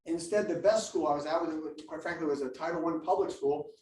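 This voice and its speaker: The speaker, a school administrator with a fairly high voice, moves at a quick pace through his live talk to parents. He's an animated storyteller who jokes and acts out students, recorded in an echoey school meeting room.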